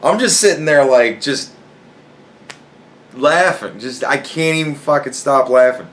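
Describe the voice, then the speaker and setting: A man's voice: medium pitch, measured pace. Profane storytelling man, laughing. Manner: profane, animated, laughing a lot while telling. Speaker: podcast host. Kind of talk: casual storytelling.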